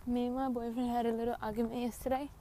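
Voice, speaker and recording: A woman's voice: on the high side, flat delivery, fast, dark tone. Give me an eighteen-year-old woman, rambling. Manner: giggly, rambling storytelling. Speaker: livestreamer. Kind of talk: casual livestream chat. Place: outdoors in a city. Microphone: phone. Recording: noisy phone livestream.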